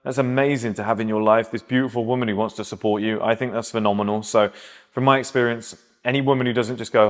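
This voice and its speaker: A man's voice: mid-range voice, fairly even intonation, fast talker. A man, giving blunt, emphatic dating advice in a casual, conversational monologue. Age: 30s.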